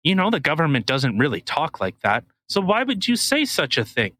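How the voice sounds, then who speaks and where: A man's voice: fairly high pitch, wildly swooping pitch, normal speed, pushed and bright, no echo, exaggerated voice. A man playing a falsely polite government threat. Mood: veiled threat. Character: menacing male government official making veiled threats.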